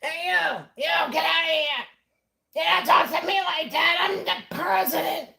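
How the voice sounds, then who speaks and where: A blustering older male politician, thin-skinned and quick to shout, his voice pitched high and strained, as a woman puts him on in a mocking impression. He sounds petulant and whiny. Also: fairly even intonation, lightly acted. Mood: angry.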